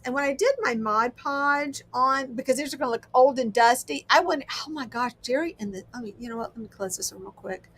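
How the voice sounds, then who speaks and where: Bright, chatty woman hosting a craft stream. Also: on the high side. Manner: chatty, rambling, self-deprecating. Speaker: livestream host. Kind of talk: casual crafting livestream chat.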